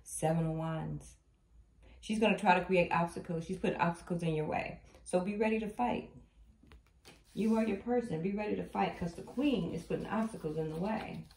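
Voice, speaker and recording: A woman's voice: fairly low pitch, moderate pace, darkish tone. A woman giving a spiritual tarot reading to viewers, emphatic and repetitive as she tells the story of the cards. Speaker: tarot reader. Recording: echoey room, faint noise.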